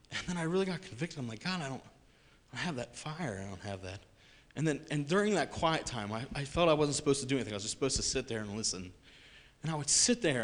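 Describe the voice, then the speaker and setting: A man giving an unscripted personal faith testimony, earnest and halting, with many restarts, repeated words and soft self-deprecating laughs. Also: a little high. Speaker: lay speaker sharing a faith testimony.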